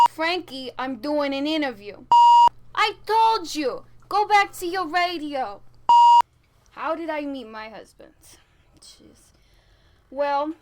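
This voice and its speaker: A woman playing a blunt, sassy middle-aged housewife with a Brooklyn New York accent, in a deadpan mockumentary interview. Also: a little high, close to an everyday voice. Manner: sassy, blunt, snaps at people off camera.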